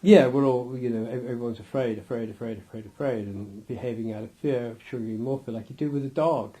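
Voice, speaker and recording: A man's voice: mid-range voice, fairly quick, warm tone. Guy being interviewed, rambly, lots of restarts, medium voice, laughs mid-story. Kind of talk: loose unscripted interview.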